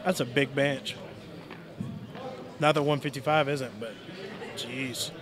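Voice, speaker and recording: A man's voice: mid-range voice, steady tone, slow. A man with a Southern US accent doing chatty, folksy color commentary at a live sports event. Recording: crowd noise at a live event.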